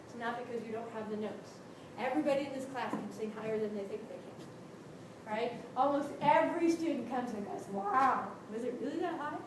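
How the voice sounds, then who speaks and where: Brief: high-pitched woman vocal coach, brisk group lesson, sung demos, heard from afar in an echoey, noisy classroom. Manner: brisk, encouraging, checks in with "right?"; sings demonstration notes. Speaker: vocal instructor. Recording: echoey room from a distance, noisy.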